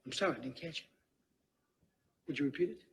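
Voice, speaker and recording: An actor playing a calm, menacing male gangster in a film scene, delivering his lines slowly and coolly. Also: on the high side, husky. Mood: taunting. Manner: slow, cool, taunting delivery.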